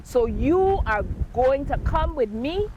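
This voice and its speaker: A woman's voice: sits high, expressive, slow pace, a little mellow, muffled recording, slight background noise, pitched above the performer's own voice. A woman voicing a proud, angry male tiger who blusters and gives orders. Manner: blustering, commanding.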